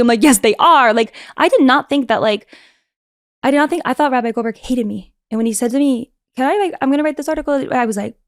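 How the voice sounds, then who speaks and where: A young woman guest on a podcast telling her story in a fast, animated way, full of fillers. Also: high-pitched, no room sound, clean studio sound. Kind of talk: casual interview talk.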